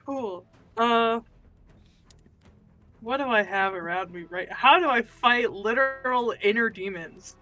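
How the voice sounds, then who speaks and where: Slow wry woman player. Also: fairly high pitch, sharp tone, faint music behind. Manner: wry, laughing asides. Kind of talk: playing a tabletop game.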